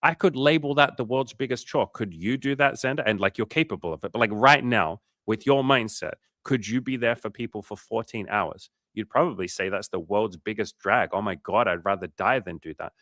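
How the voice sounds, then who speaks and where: A man's voice: medium pitch, moderate pace, few pauses, a bit bright, no room sound, studio quality. A man coaching on a livestream in a casual, profane and fired-up way, talking emphatically. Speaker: dating coach.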